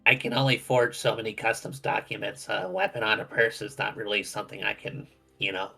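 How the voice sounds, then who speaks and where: Male player, husky and bright, wry casual chat. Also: lowish voice, brisk, soft background music. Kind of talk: casual game table chat.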